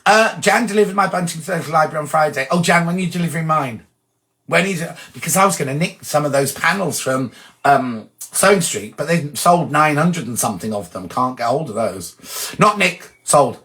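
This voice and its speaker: A chatty man hosts a relaxed live stream, reading out viewer messages and rambling into gossip. His voice sits a little higher than most men's. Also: brisk. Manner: chatty, gossipy, reads comments aloud and rambles into anecdotes. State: sneezing from hay fever. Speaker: host reading viewer comments. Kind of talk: casual live-stream chat.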